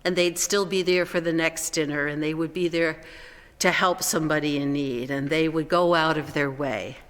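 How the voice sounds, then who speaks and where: A pastor delivering a slow, gentle sermon, letting phrases fall softly at the ends. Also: medium pitch, steady tone, smooth. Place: church sanctuary. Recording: echoey church hall.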